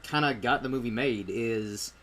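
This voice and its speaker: A man's voice: medium pitch, moderate pace, fairly bright tone. A man from Ireland hosting a casual movie review chat, telling stories in a rambling way with lots of fillers. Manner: rambling, filler-heavy storytelling.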